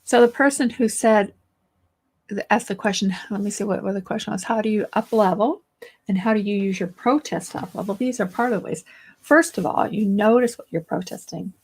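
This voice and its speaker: A woman therapist giving a casual solo talk, reassuring and thinking aloud, hoarse because she is losing her voice. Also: medium pitch, fairly quick. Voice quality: gravelly, husky. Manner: warm-hearted, reassuring, thinks aloud with restarts. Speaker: therapist and teacher.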